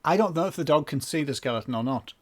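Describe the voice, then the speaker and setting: A man's voice: a little high, expressive, quick pace. Joking man co-hosting a comedy podcast. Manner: jokey, self-interrupting, reads chat comments aloud. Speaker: podcast co-host. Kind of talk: casual comedic live-stream chat.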